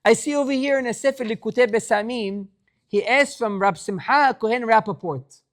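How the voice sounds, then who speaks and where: A man's voice: very high voice, normal speed. A man, a rabbi, giving a passionate Torah class in English with Hebrew phrases, pleading and exhorting. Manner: impassioned, pleading, rising to exhortation.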